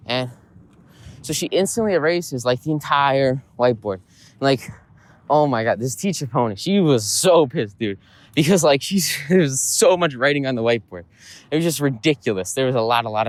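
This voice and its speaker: A man with a somewhat high-pitched voice tells a story casually on his podcast. He wanders and restarts, filling gaps with "you know" and checking in with "right?" as he goes. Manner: rambling, with many fillers and "right?" check-ins. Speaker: podcast host.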